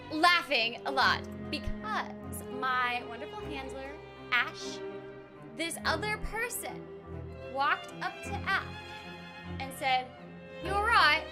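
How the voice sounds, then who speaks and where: A woman chatting casually and bubbly while she streams a game, often giggling as she talks. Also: very high-pitched. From United States. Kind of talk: casual gaming stream chat. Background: game music.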